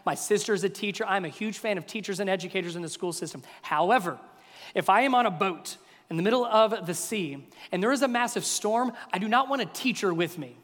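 A male pastor preaching a sermon, swinging from hushed questions to loud, energetic passages. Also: sits high, brisk. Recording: long reverb of a large hall.

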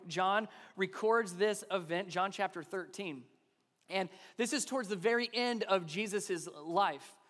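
Male pastor, high-pitched, lively sermon storyteller, congregation call-and-response, reverberant hall. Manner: animated storytelling, acts out phrases, asks congregation to repeat.

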